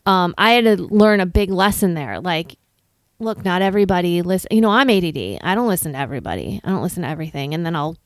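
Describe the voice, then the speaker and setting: A middle-aged woman from Chicago, co-hosting a podcast in casual chat and telling lively stories with acted-out quotes. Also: lowish voice, fast, dry recording, studio quality. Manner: animated storyteller, acts out quotes. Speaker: podcast co-host.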